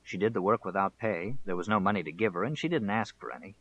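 A man narrating a nonfiction audiobook in a measured, deliberate way. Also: on the low side, a bit bright, dull audio.

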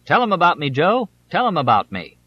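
A man voicing a loud, excited male Texas politician shouting high and strained to crowds, in a slightly dull audiobook recording. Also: brisk.

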